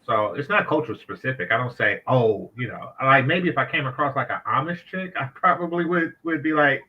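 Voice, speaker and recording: A man's voice: mid-range voice, lively intonation, a little fast, lo-fi sound. A man in a casual chat, stumbling and repeating words with many fillers.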